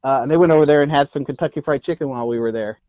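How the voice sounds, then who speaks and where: A man's voice: a little high, rapid-fire, no echo, lo-fi sound. A man from Texas, a guest actor telling stories in a casual interview, rambling with many fillers and restarts.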